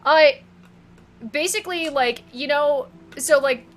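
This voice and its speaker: A woman's voice: high voice, slow pace. A woman player in a tabletop game, talking in a hesitant, playful way. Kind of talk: casual chat in a tabletop game.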